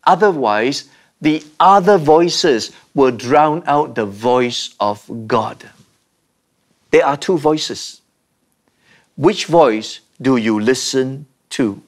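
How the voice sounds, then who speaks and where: A man preaching a sermon, slow and measured, with dramatic pauses and repeated refrains. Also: mid-range voice, expressive. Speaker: pastor.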